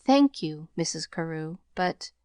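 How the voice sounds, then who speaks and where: A woman's voice: low-pitched, animated, unhurried, a little mellow, clear, resonant tone, no echo, studio quality. A woman voicing a proud, crippled poor boy in a storybook, speaking in a choked, faltering way with slangy speech. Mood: tearful.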